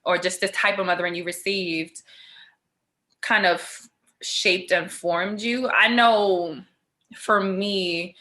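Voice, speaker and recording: A woman hosting a podcast, telling personal stories in a casual, animated way with lots of slang and laughter. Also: on the low side, takes it slowly. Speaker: podcast host. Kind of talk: casual chat.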